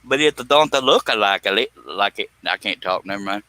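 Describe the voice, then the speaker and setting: A man's voice: on the low side, animated, moderate pace, bright, forceful tone, clean tone, dry recording, poor audio. A man hosting a woodworking live stream, chatting casually and joking as he rambles off topic. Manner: joking, rambling, slips into put-on voices. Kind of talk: casual live-stream chat while scroll sawing.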